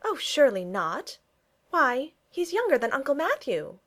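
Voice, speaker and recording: Woman reading as a sweet young regency bride, earnest and proper, lively up and down voice. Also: high voice, a little slow, voice pushed up, exaggerated voice.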